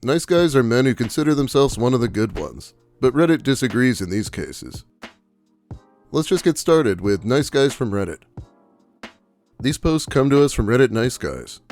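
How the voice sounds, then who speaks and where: A man hosting his own channel, reading posts aloud with deadpan, sarcastic asides. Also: medium pitch, moderate pace, faint music behind.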